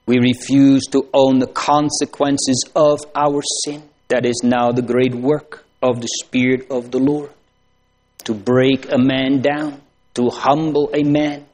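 A male preacher delivering a sermon at an unhurried, deliberate pace. His pitch sits in an ordinary middle range, and his phrases climb into earnest, emphatic pleas. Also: little pitch movement, a little mellow. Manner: slow, solemn preaching with rising emphatic pleas.

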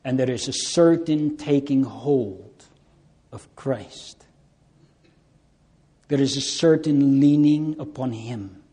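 A man preaching a sermon, slow and earnest, drawing out pleading cries. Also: mid-range voice, dark tone.

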